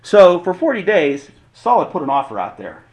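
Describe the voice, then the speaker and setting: A man's voice: sits high, wildly swooping pitch, moderate pace, a little mellow. A man teaching from the Bible, reading passages aloud and then explaining them in casual everyday talk with light jokes. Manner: reads scripture then explains it in plain modern talk with jokes. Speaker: pastor.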